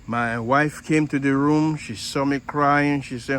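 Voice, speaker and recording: A man from Nigeria with a Nigerian accent, hosting a casual garden vlog in an unhurried, halting way. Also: on the high side, a little hiss or hum, rough recording. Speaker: fig grower and channel host.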